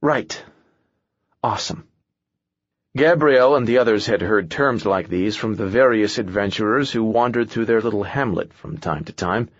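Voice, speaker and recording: A man narrating a fantasy audiobook in measured storytelling. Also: on the low side, no echo, muffled recording.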